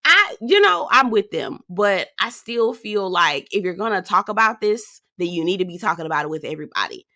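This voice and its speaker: Sassy, bright-voiced woman reviewer. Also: fairly low pitch, a little fast, hardly any pauses. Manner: sassy and outspoken, talks straight to viewers. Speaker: reality TV reviewer. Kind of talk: casual commentary.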